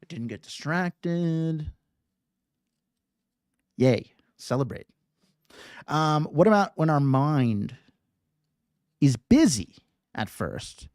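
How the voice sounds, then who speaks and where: The pace is slow as a meditation teacher talks informally to a live class, playfully and repeatedly asking "right?" with a lively, rising and falling pitch. The audio is studio quality, with no echo.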